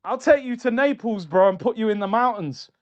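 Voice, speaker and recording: A man putting on a mock Italian accent to play a hot-headed older mafia boss, threatening and shouty. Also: sits high, animated, a little fast, dull audio, pitched above the performer's own voice. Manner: threatening, shouty street swagger.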